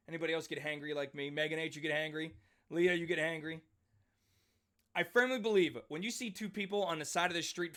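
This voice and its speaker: A man in his forties teaching a math class, chatty and animated, telling side stories and calling on students by name. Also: fairly high pitch. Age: 40s.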